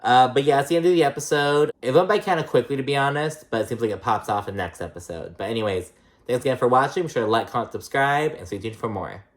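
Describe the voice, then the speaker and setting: A man's voice: medium pitch, fast talker. Male recap vlogger: blunt, chatty, profane. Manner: blunt, swears freely, says 'like' a lot. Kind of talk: casual reality-show recap.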